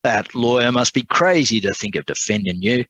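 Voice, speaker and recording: A man's voice: mid-range voice, lively intonation, moderate pace, a bit bright, no echo, pitched above the performer's own voice. A man voicing a blunt, mocking male prison official in a told sermon story.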